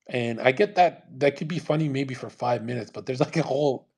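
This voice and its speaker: Dude going off in a live audio chat, swearing nonstop, mocking and repeating himself, raspy voice. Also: male voice, mid-range voice, a little fast, a little mellow. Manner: profane, aggressive and scornful, repeats himself. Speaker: online streamer.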